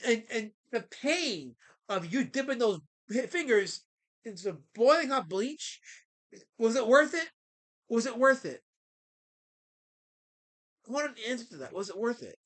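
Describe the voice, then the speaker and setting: A man hosting a livestream, ranting at his chat in a theatrical, mock-indignant way and swinging between loud outbursts and low mutters. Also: sing-song, moderate pace, pauses often. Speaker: livestream host.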